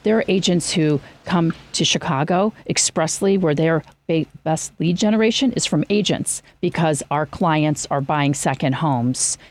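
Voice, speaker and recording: An American woman guest on a radio talk show, animated and quick, often restarting her sentences. Her pitch swings upward when she gets excited. She sounds like a real estate agent chatting on air.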